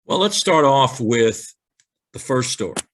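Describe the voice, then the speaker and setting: Animated male pastor telling jokes. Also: medium pitch, unhurried. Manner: animated joke-telling, acting out characters. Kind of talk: light-hearted sermon storytelling.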